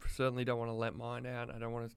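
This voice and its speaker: A man in his thirties with an Australian accent, a podcast guest talking candidly and reflectively, often pausing and restarting his sentences. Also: medium pitch, monotone, vocal fry, clear, resonant tone, dry recording. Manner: reflective, halting, many restarts. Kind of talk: candid conversational interview.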